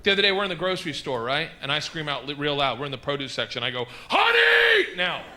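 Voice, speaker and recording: A man performing stand-up on a club stage, his voice sitting a little high for a man. He tells stories loudly and animatedly and breaks into shouts. The live recording carries a clear audience presence behind him. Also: very fast, background noise. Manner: loud, animated storytelling with shouted bits. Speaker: stand-up comedian. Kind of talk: stand-up comedy set.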